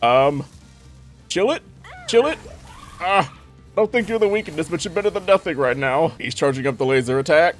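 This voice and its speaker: A young man giving lively gameplay commentary, talking to the game characters with frequent exclamations. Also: fairly high pitch, brisk, soft background music. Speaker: gaming YouTuber.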